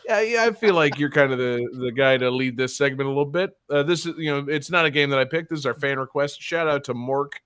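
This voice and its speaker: Bright-voiced joking podcast host, a man. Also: medium pitch, fast, hardly any pauses, smooth, dry recording. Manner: joking, loose, swears freely. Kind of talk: casual chat.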